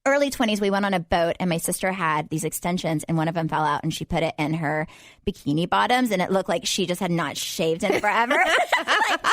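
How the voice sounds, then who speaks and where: A woman's voice: lowish voice, expressive, brisk, a bit bright, dry recording, studio quality. A woman co-hosting a podcast, chatting and laughing through a gossipy story. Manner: chatty, laughing, lots of fillers. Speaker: podcast co-host. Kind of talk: casual chat.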